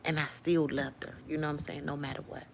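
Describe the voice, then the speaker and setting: Woman host, gravelly low voice, animated testimony, faint room noise. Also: quick pace. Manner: animated storytelling, acts out quotes, laughs often. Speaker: host sharing a faith testimony. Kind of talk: lively spoken testimony to viewers.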